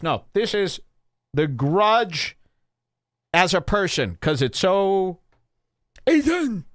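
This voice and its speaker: A man on a podcast rants sarcastically, his pitch leaping around as he exaggerates. The sound is dry and close, with no room around him. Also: sing-song, measured pace, dry recording. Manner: sarcastic, exaggerated mock voices. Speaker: podcast host. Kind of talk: ranting comedic podcast talk.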